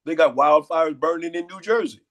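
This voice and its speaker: A man with a hoarse, congested voice pitched a little high. He talks in a lecturing way as an interview guest, piling up pointed rhetorical questions. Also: fairly quick, dull audio.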